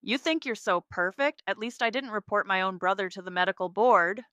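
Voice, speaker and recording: A woman reading the lines of an angry, resentful brother who shouts threats in a family drama story. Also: mid-range voice, a little fast, clear, resonant tone, dry recording, natural voice. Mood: furious. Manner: shouting, furious.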